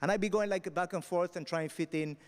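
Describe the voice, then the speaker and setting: A man from Spain doing stand-up storytelling on a festival stage, punchy and animated, with frequent "all right?" asides. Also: high voice, quick pace. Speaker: stand-up comedian. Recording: long hall reverb.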